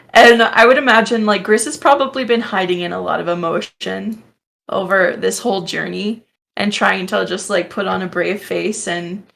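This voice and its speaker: A woman player in a tabletop role-playing game, narrating her character's actions softly and hesitantly, with many fillers. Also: medium pitch, creaky.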